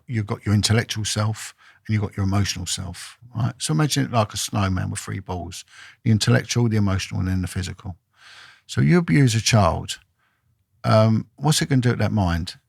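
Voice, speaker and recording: Brief: ex-detective man, podcast guest, blunt emphatic delivery with a gravelly edge, dry recording. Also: fairly low pitch, no room sound. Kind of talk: storytelling in a podcast interview.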